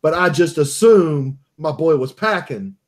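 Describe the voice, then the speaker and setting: A man's voice: a little high, lively intonation, a little slow, a little mellow. A man on a podcast telling a crude, joking story with plenty of profanity, acting out what his friends said. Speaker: podcast co-host. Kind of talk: casual storytelling chat.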